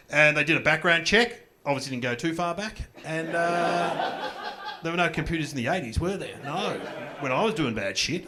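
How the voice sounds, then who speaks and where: A man's voice: fairly high pitch, pushed and bright, slight background noise. A middle-aged Australian man doing stand-up comedy, telling rambling, self-mocking stories on a club stage with a handheld mic. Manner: rambling, self-mocking storytelling with acted-out voices. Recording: live comedy club with audience laughter.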